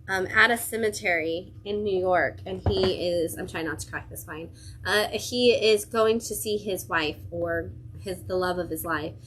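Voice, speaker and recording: A woman's voice: medium pitch, a bit bright. A young woman hosts a casual livestream from a comic shop, reviewing new releases. She talks in a chatty, gushing way, full of ums and likes. A faint background hum sits under her voice. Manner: enthusiastic, gushing, chatty with many fillers.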